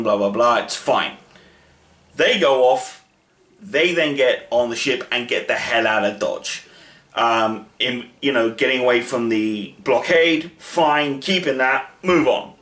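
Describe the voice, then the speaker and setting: A man talks through a story in a loose, rambling way, full of fillers and side comments. His voice has a bright, forceful edge. The recording carries a noticeable room echo. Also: medium pitch. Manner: chatty, rambling, with asides and fillers. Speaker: channel host. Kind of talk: casual story retelling. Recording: roomy echo.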